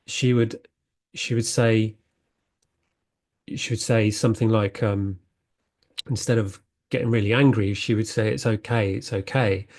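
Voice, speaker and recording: Low-pitched and somewhat dark, the man's voice holds a steady tone. He speaks as a spiritual podcast host in an earnest, reflective monologue full of halts, fillers, and restarts.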